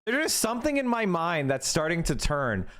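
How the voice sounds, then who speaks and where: A man's voice: a little high, very animated, normal speed, a bit bright. A man streaming live, reacting to clips with sarcastic, profane commentary for his chat.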